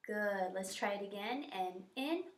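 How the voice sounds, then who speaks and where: A woman teacher guiding students through breathing and posture warmups in an encouraging, instructive way. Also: medium pitch, expressive, measured pace, recorded from a distance. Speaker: music teacher. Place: school music room. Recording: echoey room.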